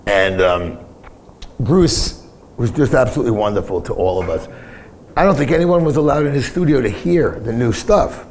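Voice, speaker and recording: A man from the Bronx, a punk singer, telling lively stories in an interview at a bar and laughing through them. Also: mid-range voice, moderate pace, a little hiss or hum. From the Bronx, New York. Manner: animated raconteur, laughs through his stories. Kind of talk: storytelling interview.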